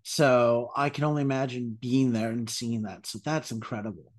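A man's voice: mid-range voice, steady tone, normal speed. A man hosting a podcast, responding appreciatively to his guest and asking questions. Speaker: podcast host. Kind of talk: conversational interview.

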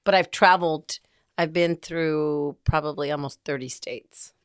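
A middle-aged woman with a low voice chats as a guest. She sounds a little tipsy and loose. The sound is dry and close. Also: steady tone, measured pace, smooth, no echo. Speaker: guest, host's mother. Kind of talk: casual chat.

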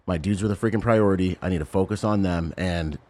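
Low-voiced man telling war stories. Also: quick pace, a little mellow. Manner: intense storytelling, acts out quoted voices. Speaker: guest, Marine veteran. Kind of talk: casual podcast conversation.

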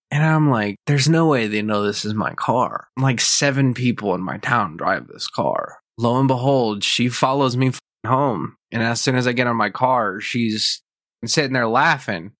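A young man rants on his podcast in a blunt, animated voice full of swearing. His pitch sits in the middle of the range. The sound is dry and close, with no room echo. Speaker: podcast host. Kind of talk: casual storytelling rant.

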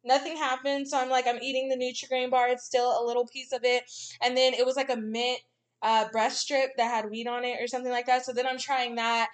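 A young woman chats casually on a podcast with a high, bright voice. She laughs through her story and slips into the voices of the people in it. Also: brisk. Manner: animated, laughing often, acts out quotes.

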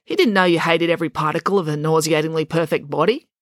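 A woman's voice: sits low, quick pace, no room sound, clean studio sound, natural voice. Woman voicing a bossy, scheming young girl. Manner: blunt and impatient.

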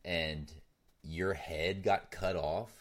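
A man's voice: low-pitched, fairly even intonation, extremely slow, fairly bright tone. A man in his twenties co-hosting a podcast, chatting casually, rambling with laughs and swearing. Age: 20s. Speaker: podcast co-host. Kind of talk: casual chat. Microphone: desk mic setup.

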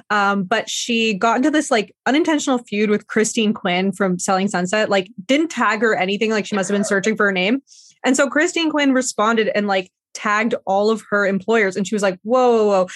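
A woman's voice: medium pitch, dry recording, clean studio sound. A young adult woman hosting a podcast, chatting casually and reacting to her guest, with frequent "like". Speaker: podcast host.

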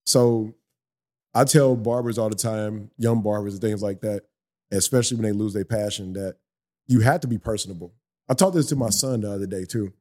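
Man, barber guest on a podcast, animated motivational storyteller with a loose, profane, preachy delivery, recorded in a barbershop. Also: on the low side, brisk. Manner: animated, preachy storyteller who swears freely. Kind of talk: casual podcast conversation.

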